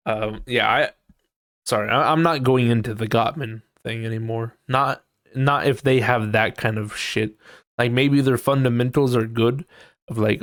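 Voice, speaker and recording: A man's voice: medium pitch, unhurried, a bit bright, no echo. Young guy ranting on his solo podcast, swears a ton, does mocking voices, dry close mic. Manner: profane, rambling, mocking impressions of people. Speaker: podcast host. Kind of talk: casual solo podcast rant.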